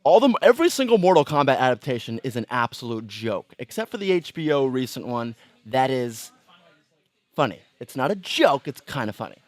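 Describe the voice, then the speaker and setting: A man's voice: mid-range voice, very animated, brisk, no echo. A man hosting a casual gaming podcast, playful and prone to hammy announcer bits. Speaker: podcast host. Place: gaming venue.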